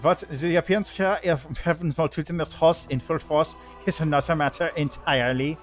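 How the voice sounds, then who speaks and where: A man's voice: a little high, steady tone, fairly quick, soft background music, natural voice. A man voicing a solemn, ancient male angel herald in a mock French-tinged, old sci-fi style voice, reading game dialogue.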